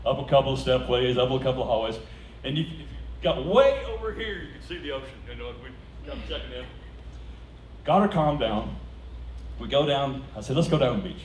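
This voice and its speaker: A man giving an animated storytelling speech to a live audience at a celebration, laughing through his punchlines. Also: mid-range voice, a little fast. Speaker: speaker at a celebration. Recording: echoey room heard from a distance, faint background noise.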